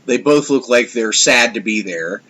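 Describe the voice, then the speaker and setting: A man's voice: mid-range voice, expressive, unhurried, bright, forceful tone. A man co-hosting a podcast, casually trashing a movie in a profane, rambling, sarcastic way. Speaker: podcast co-host. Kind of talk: casual movie review chat.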